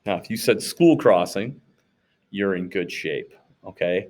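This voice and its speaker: A man's voice: low voice, lively intonation, a little slow, a little mellow. A man from the United States teaching a class in a casual, conversational way, often asking rhetorical questions and checking in with "okay?". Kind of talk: recorded classroom lecture recap.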